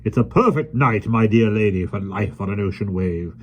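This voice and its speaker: A man voicing a blustery old naval admiral with a booming, hearty voice in a storybook reading. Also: moderate pace, slightly rough. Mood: jovial.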